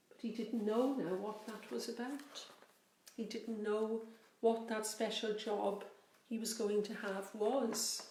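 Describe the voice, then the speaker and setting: Woman rector, children's storyteller, slow and gentle; roomy sound. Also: mid-range voice. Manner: gentle, expressive, drawn-out. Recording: roomy, faint background noise.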